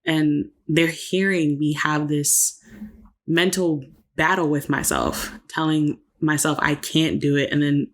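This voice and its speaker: A woman's voice: sits low, slow. A young woman co-hosting a podcast, speaking in an earnest, reflective way and laughing easily. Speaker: podcast co-host. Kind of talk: casual chat.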